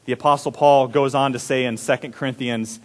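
A man preaching a sermon, animated and chuckling, sometimes dropping to soft low tones. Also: brisk. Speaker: pastor.

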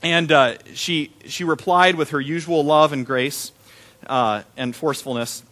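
A pastor giving a sermon, telling stories in a conversational, animated way. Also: male voice, on the high side, a little slow.

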